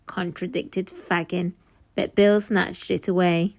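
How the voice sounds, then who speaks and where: A woman teacher reading a children's book aloud with clear, expressive storytelling. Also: on the low side, slow pace.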